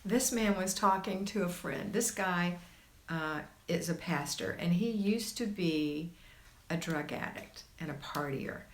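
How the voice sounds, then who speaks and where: A woman's voice: on the low side, a little slow. A woman hosting a casual livestream, reading viewer comments aloud and reassuring her viewers in a chatty way. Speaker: homemaking livestream host.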